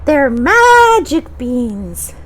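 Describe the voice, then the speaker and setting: A woman voicing a funny-looking old lady who trades magic beans, in a high, drawn-out, sing-song voice. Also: very animated, exaggerated voice. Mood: sly.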